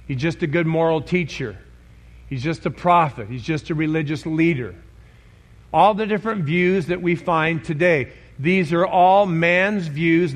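Emphatic, conversational male pastor. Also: a little high. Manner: emphatic, conversational, questions the congregation. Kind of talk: sermon.

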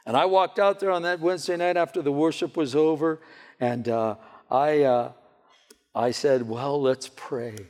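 Pastor guy preaching, kinda high voice, long echo in a big church hall, stumbles over his words a lot. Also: moderate pace. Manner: animated storytelling with many repeated words. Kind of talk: sermon.

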